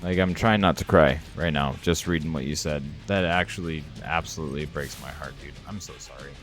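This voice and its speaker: A deep-voiced man in his thirties streaming a game and talking to his chat. He is earnest and openly emotional, rambling through his thoughts, with faint music playing behind him. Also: brisk, a bit bright. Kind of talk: casual live-stream chat.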